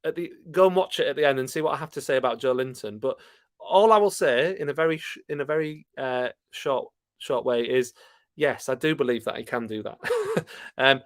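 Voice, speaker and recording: A man with a Yorkshire accent hosting a casual live stream, chatting relaxed and laughing often as he answers comments. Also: medium pitch, no room sound, clean studio sound. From Yorkshire, England.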